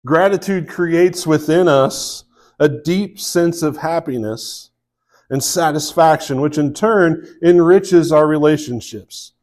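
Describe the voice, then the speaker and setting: A man with a Southern US accent preaching a sermon to a live congregation, telling a story in a relaxed way with many fillers. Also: a little high, takes it slowly. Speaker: pastor.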